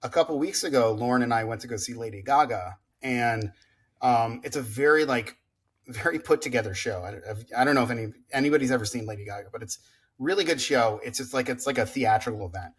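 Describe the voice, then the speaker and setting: A man's voice: medium pitch, quick pace, breathy edge. A man co-hosting a podcast in casual chat, rambling with many fillers as he sets up a topic. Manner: rambling, filler-heavy storytelling. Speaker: podcast co-host.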